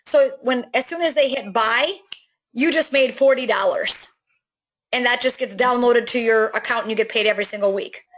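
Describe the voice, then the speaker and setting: A middle-aged woman giving an enthusiastic, chatty sales pitch for a network marketing business, with many fillers and restarts. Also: moderate pace, fairly bright tone, rough recording.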